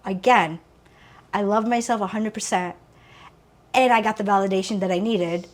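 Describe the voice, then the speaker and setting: A woman's voice: mid-range voice, moderate pace. A woman in her forties, a guest author, talking earnestly and with animation about faith and moving on in an interview. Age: 40s. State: teary, emotional. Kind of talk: faith-filled interview talk.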